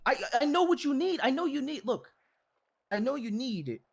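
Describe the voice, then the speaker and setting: A man's voice: very high voice, sing-song, normal speed, vocal fry, slightly rough, exaggerated voice. A man playing a blunt, devoted husband who pleads earnestly and repeats himself as he comforts his wife in a game role-play. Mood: pleading.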